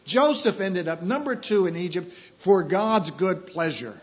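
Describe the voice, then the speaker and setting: A man with a high voice preaches a sermon, dropping to quiet asides and then rising into loud, emphatic scripture readings. He repeats his key phrases for emphasis. The recording sounds dull and lo-fi. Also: lively intonation, unhurried, few pauses.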